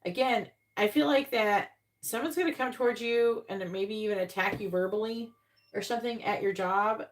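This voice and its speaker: This tarot reader talks at a moderate pace in a medium-pitched voice during her live stream. Her style is casual and blunt, full of swearing, and she plays out other people's lines when quoting them.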